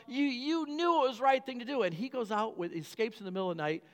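High-voiced pastor preaching in an echoing hall. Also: male voice, a little fast, few pauses. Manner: animated storytelling, rhetorical questions to the congregation. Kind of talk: sermon. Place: church.

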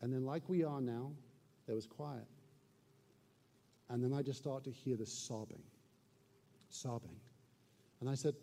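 A man preaching a sermon as pastor, telling stories and dropping to a hushed voice at tense points. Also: medium pitch, measured pace, gravelly, long pauses. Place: large church hall with a live congregation. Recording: long hall reverb.

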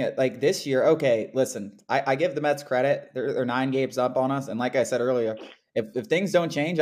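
A young man co-hosting a casual sports podcast, ranting with lots of "like" and "dude.". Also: medium pitch. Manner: animated ranting, frequent "like" and "dude". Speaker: podcast co-host.

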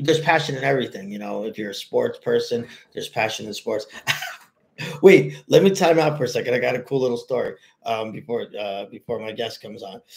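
A man hosting a casual podcast, telling stories in a rambling, animated way with many fillers and restarts. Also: mid-range voice, vocal fry. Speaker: podcast host. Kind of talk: casual solo podcast chat.

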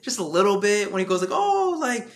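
A young man chatting casually as podcast co-host, animated and laughing often, putting on voices when he quotes people. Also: sits high, very fast. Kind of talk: casual chat.

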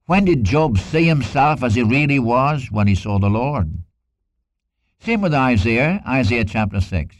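A man with a lowish voice preaches an earnest sermon, quoting scripture with dramatic emphasis and repeating lines for weight. He's animated and a little slow. The recording is dull, lo-fi and dry.

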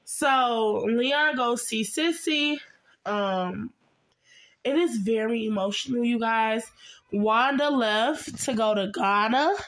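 A woman's voice: a little high, slow, fairly bright tone. A young adult woman giving a casual, chatty TV recap, talking straight to her viewers in a gossipy way. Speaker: vlogger.

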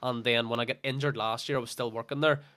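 A man's voice: mid-range voice, fairly even intonation, quick pace, fairly bright tone, no room sound, clean studio sound. A young man with a Northern Irish accent, a guest chatting bluntly and with plenty of swearing. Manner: blunt, sweary, laughs easily. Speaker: podcast guest, football coach. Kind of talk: casual podcast chat.

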